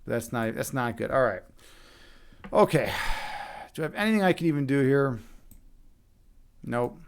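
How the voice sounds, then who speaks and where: Here's a streamer, a young Chicago man with the local accent, calling his own chess games live and swearing openly at chat as he plays. The delivery is animated, with a clear, resonant mid-range voice at a moderate pace.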